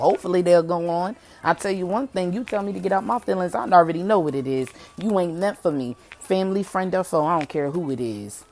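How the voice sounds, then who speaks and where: A woman's voice: lowish voice, a little fast, few pauses, a little mellow. A woman hosting her own talk show, speaking casually and candidly, giving emphatic motivational advice with repeated phrases. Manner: candid, preachy, conversational with emphatic repetitions. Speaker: podcast host.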